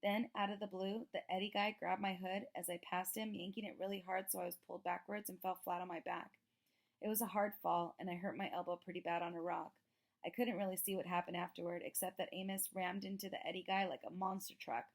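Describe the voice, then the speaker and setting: A woman reading a children's novel aloud with steady storytelling. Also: fairly low pitch, a little fast, gravelly. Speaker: reader.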